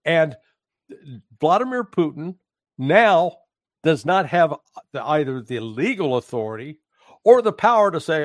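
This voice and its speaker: A man giving political commentary in conversation, emphatic and halting, with restarts and fillers. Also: fairly high pitch, very animated, dry recording, clean studio sound. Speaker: guest commentator.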